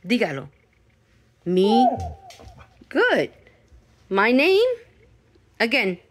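A woman's voice: fairly high pitch, wildly swooping pitch. Sing-song woman coaxing her dog. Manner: coaxing, sing-song, slow drawn-out words. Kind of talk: playful talk to a pet. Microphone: handheld microphone held near the dog.

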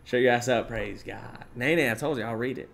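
A young man chats casually on a live stream, reading chat messages aloud and joking around. His brisk, creaky voice swings between low mumbles and loud, excited bursts.

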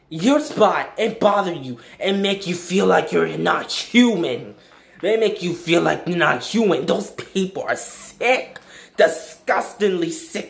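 Young man ranting in an echoey room. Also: high-pitched. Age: young adult. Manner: emphatic, repetitive, blunt slang-heavy ranting. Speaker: vlogger. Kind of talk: ranting vlog monologue.

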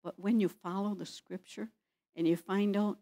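A woman's voice: mid-range voice, steady tone, normal speed, dark tone. A woman pastor preaching in a church, firing rhetorical questions at the congregation. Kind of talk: sermon.

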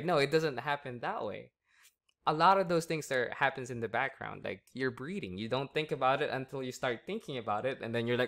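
A male hypnotist who guides the listener in a slow, hushed patter. Between suggestions he turns chatty and laughs easily with his subject. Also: mid-range voice, animated. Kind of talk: hypnosis session.

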